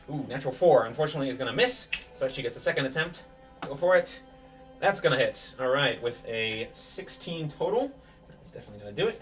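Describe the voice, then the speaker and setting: A man's voice: mid-range voice, recorded from a distance. A man running a tabletop game as game master, giving a vivid play-by-play of dice rolls and attacks.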